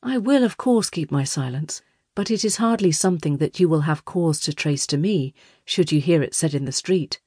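A woman's voice: low voice, animated, normal speed, warm tone, husky, dry recording, studio quality, heavily acted. Woman voicing a guarded young secretary. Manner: careful, composed.

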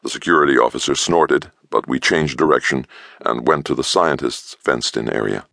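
A man narrating an audiobook in the first person, measured and expressive. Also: very deep voice, creaky, no echo, studio quality.

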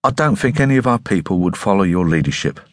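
A man's voice: sits low, expressive, dry recording, studio quality, pitched above the performer's own voice. A man doing a mild-voiced young council leader woman. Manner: mild, measured.

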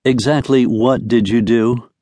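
A male audiobook narrator voicing a grown woman who speaks in a soft, slow, gently teasing way. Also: mid-range voice, steady tone, no echo, natural voice. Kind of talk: audiobook character voice. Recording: dry studio recording.

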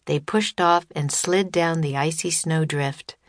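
A woman narrates a children's audiobook in a slow, unhurried way, her voice sitting a little low. The delivery is measured storytelling, recorded close and dry in a studio. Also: dry recording. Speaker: author reading her own book.

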